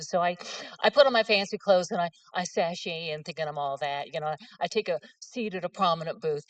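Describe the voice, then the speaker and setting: A woman's voice: deep voice, dry recording, far from the mic. Folksy woman telling stories. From West Virginia. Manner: folksy, self-mocking storyteller. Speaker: author giving a talk. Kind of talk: humorous storytelling talk.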